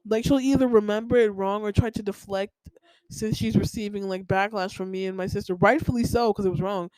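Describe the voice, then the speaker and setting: A woman's voice: medium pitch, fairly even intonation, brisk, a little mellow, dry recording, low-quality recording. A young woman hosting a podcast, telling a personal story in a rambling, heated way with lots of filler words. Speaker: podcast host.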